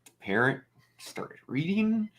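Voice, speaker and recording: A man hosting a casual film review chat, talking in an excitable, emotional way and swearing freely. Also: on the high side, slow. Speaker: host.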